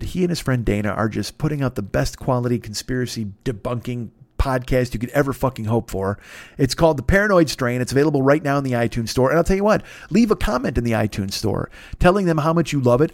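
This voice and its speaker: A man's voice: mid-range voice, no room sound, clean studio sound. A man hosting a podcast, doing rambling, profane, joking ad reads in a casual chat style. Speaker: podcast host.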